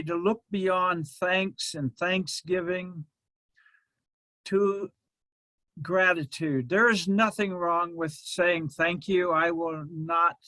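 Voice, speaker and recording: A man with a fairly high voice preaches in a slow, deliberate rhythm. He lets his phrases settle with pauses between them. His voice is close and dry, with no room sound. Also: sharp tone, dry recording. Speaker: minister. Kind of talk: sermon.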